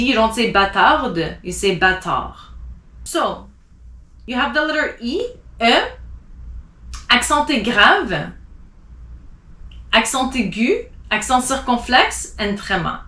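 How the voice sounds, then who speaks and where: A woman teaching French pronunciation, spelling out letters and slowly repeating example words. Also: a little high, sharp tone, reverberant.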